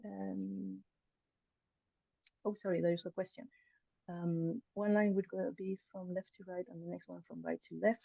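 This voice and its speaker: A woman's voice: medium pitch, fairly even intonation, moderate pace, gravelly, long pauses, no echo. A woman teaching an online language class in a friendly, chatty way, full of ums and restarts. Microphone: video call mic. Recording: dull, dry video call audio.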